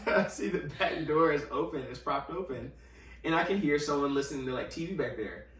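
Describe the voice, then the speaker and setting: Here a man with a somewhat high voice hosts a podcast and talks quickly, acting out quotes as he tells a story full of fillers. The recording is distant and roomy, a little off mic.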